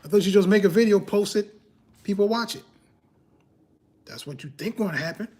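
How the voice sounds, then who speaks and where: Casting: man with a high voice, emphatic livestream coach who hammers his points with repetition and rhetorical questions, casual slangy delivery. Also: brisk, darkish tone, slightly rough. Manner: emphatic, repeats key phrases, fires rhetorical questions. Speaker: YouTube growth coach and host.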